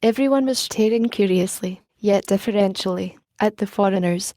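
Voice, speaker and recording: A woman narrates an audiobook in a measured, even storytelling manner. Her voice is dark and mellow. The recording is dry and close. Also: mid-range voice, dry recording.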